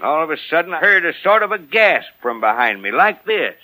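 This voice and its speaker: A man's voice: on the high side, very animated, fairly quick, bright, forceful tone, exaggerated voice, low-quality recording. An actor in his fifties playing a fond, long-winded family father who tells old stories in a 1940s radio play. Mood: storytelling. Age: 50s. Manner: folksy storyteller.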